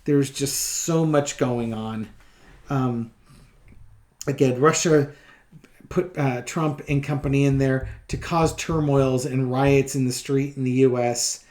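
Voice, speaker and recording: A man's voice: mid-range voice, steady tone, takes it slowly, darkish tone. A man hosting his own tarot channel, talking in a casual, offhand way, laughing between remarks and repeating his points for emphasis. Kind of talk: casual spoken commentary.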